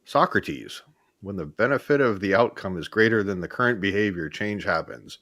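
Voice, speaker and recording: A man's voice: fairly low pitch, animated, normal speed, fairly bright tone, no room sound, studio quality. A man co-hosting a live show, joking around and reading viewer comments aloud. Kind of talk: casual live show chat.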